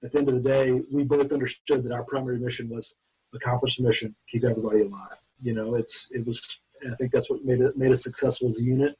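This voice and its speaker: Raspy-voiced man, far from the mic. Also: mid-range voice, steady tone, fast, mellow. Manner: rambling, hesitant, with many "uh" restarts. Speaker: guest, former Marine officer. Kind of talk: interview storytelling.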